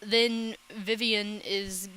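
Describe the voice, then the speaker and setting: Woman ranting loosely at her webcam, sharp bright voice, lots of swearing. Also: medium pitch, flat delivery, slight background noise, low-quality recording. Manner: rambling, profane, quick asides. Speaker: reaction vlogger. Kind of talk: casual reaction chat.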